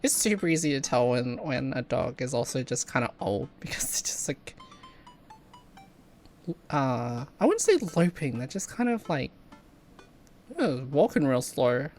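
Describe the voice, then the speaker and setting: A woman game streamer chatting casually while she plays, animated, laughing often and swearing freely. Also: a bass voice, measured pace, pauses often, faint music behind. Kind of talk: casual chat while playing.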